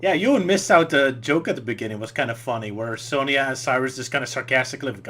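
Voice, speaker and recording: A man's voice: medium pitch, racing, few pauses, fairly bright tone. A man hosting a podcast, chatting casually and joking with his co-hosts. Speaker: podcast host. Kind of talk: casual chat.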